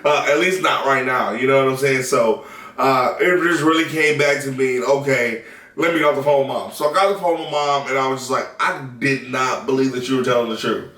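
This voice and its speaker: Animated man telling a story. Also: medium pitch, brisk. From Southern United States. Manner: laughing, animated, swears freely. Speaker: vlogger, new father. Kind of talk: casual storytelling chat. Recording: echoey room, mic at a distance.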